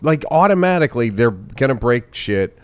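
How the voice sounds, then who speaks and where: A man who is a comedian guest on a podcast, chatting casually in a dry, deadpan, rambling way. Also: mid-range voice, moderate pace, clear, resonant tone.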